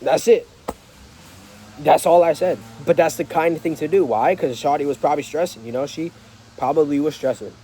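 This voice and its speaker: Recorded outdoors amid rain and a passing vehicle, a young vlogger tells a story in a casual, slangy way packed with fillers, voicing the dialogue in different tones. His voice is on the high side and warm, at a moderate pace, with a little hiss or hum.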